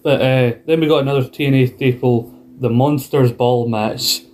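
A man's voice: mid-range voice, fairly even intonation, normal speed, a little mellow. A man, rambling and restarting as he chats casually as a podcast co-host. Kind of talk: casual wrestling chat.

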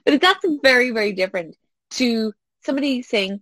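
A woman's voice: a little high, a little fast, no echo. A woman, talking casually to listeners as a business coach and acting out little quoted exchanges. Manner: animated, acts out little quoted exchanges with laughs.

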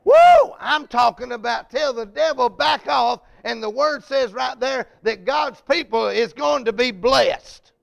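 A man preaching a fervent sermon, calling out to the congregation and building to shouted peaks. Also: very high voice, unhurried, creaky, few pauses, lo-fi sound.

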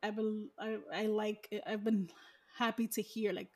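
A woman's voice: medium pitch, level tone, normal speed, a little mellow. A woman chatting casually, rambling with lots of "like" and "you know". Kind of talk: casual chat.

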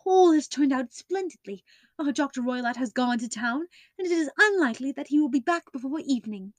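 A woman voicing an anxious, frightened young woman who speaks high and breathless in a storybook reading. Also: lively intonation, fairly quick, no echo. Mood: eager.

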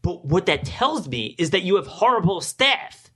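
Bright-voiced man giving an emphatic political monologue. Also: big pitch swings, moderate pace, breathy edge. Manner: emphatic, rising in pitch when indignant; acts out both sides of conversations. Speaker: podcast host.

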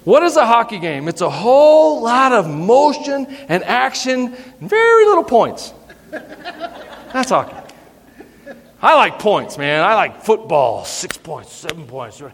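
A male pastor with a high voice gives an animated, joking sermon and teases his congregation. His voice carries through a church hall with a long, lingering reverb. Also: measured pace. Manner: animated, humorous, teasing the audience.

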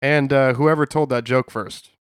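A man co-hosting a podcast, spinning dry, absurd tangents in a relaxed, rambling way. His voice is smooth and clear, at a middle pitch for a man. The sound is close and dry. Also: normal speed, no room sound. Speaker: podcast co-host. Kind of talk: casual comedic chat. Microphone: studio podcast mic.

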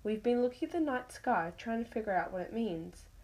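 A woman reading the lines of a wise female wolf who mentors a young cat in a storybook tale, measured and instructive. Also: a little high, animated, a little mellow, rough recording. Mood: stern.

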